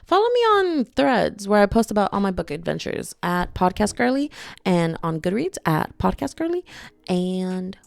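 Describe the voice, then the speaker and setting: Woman, podcast host, casual book chat, animated, lively pitch. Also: normal speed, gravelly, dry recording, studio quality. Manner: animated, gushing, laughs often.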